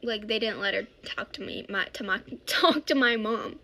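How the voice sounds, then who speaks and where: A woman's voice: fairly high pitch, moderate pace, a little hiss or hum. A woman telling a childhood story in a casual, rambling way, often correcting herself. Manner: rambling, self-correcting, animated.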